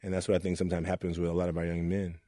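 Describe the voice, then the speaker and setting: In a clean studio recording with no echo, an Oakland, California youth mentor speaks very fast in a low, mellow voice with a completely flat delivery. He earnestly shares personal stories in a candid interview, acting out the voices of people he quotes.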